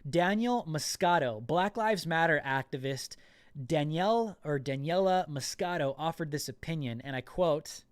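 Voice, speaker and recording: An indignant man hosting a commentary podcast, pressing his points with emphatic repetition. His voice sits on the higher side for a man. The sound is dry and close, with no room echo. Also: lively intonation, moderate pace, clean tone. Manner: indignant, emphatic, repeats words. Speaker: podcast host.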